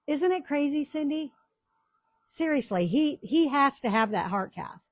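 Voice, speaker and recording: A woman's voice: high-pitched, expressive, unhurried, dry recording. A woman in her sixties chatting casually to viewers while she crafts, rambling through family stories in a talkative, storytelling way. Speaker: craft video host. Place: small-town home.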